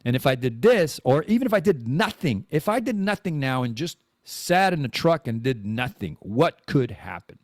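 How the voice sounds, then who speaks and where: Male podcast host, mid-pitched, lively intonation, rambling off-the-cuff monologue, dry recording. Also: moderate pace, few pauses, dry recording. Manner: rambling and animated, with many restarts and repeated words. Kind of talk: casual live-streamed monologue.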